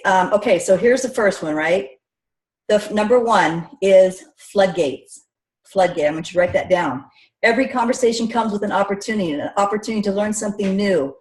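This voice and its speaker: A woman coaching network marketers in an upbeat, chatty teaching talk, calling her listeners guys. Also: medium pitch. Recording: echoey room.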